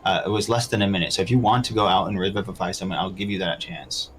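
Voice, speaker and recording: A man with a low, deep voice runs a tabletop game as dungeon master. He narrates outcomes in a measured, matter-of-fact way, with faint background noise.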